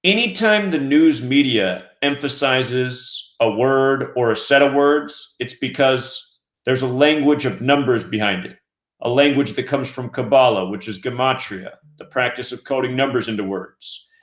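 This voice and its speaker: A man from the United States hosting a news commentary show, giving an earnest, steady, scripted monologue. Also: mid-range voice, a little slow. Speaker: host of a conspiracy news channel. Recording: roomy echo.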